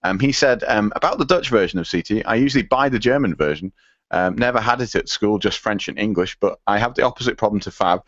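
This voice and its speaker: A man with a low voice rambles through listener mail as a podcast co-host, full of ums and chuckles. The sound is dry and close, with dull, lo-fi audio. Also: fast, fairly bright tone, no echo. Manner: rambling, lots of fillers and laughs. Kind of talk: casual chat, reading listener emails.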